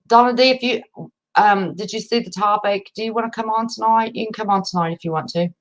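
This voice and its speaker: A woman's voice: medium pitch, fairly quick. A woman with an Appalachian accent hosting a casual livestream from home, chatty and folksy, greeting viewers by name and calling them honey. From West Virginia. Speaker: livestream host.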